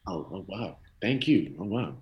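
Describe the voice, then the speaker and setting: A man guests on a casual sports podcast, telling stories in a loose, slangy, rambling way. His voice sits a bit low, and he talks freely. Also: lively intonation, moderate pace, lo-fi sound.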